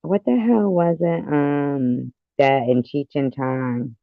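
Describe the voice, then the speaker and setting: A woman's voice: low-pitched, takes it slowly, creaky, dry recording, narrow, tinny audio. A woman hosting a casual live stream, rambling with silly sing-song asides and frequent laughter.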